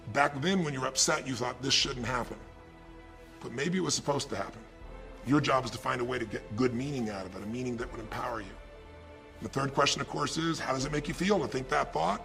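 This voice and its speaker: Man, motivational speech, gravelly voice, slightly raised pitch, faint music behind. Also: fairly bright tone. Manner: retells dialogue in quoted voices, rhetorical questions. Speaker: motivational speaker.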